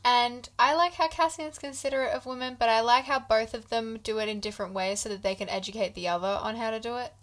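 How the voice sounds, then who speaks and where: A woman's voice: on the high side, quick pace, hardly any pauses, fairly bright tone. A woman in casual chat with a friend, agreeing, laughing along and summarizing a book. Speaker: book podcast co-host.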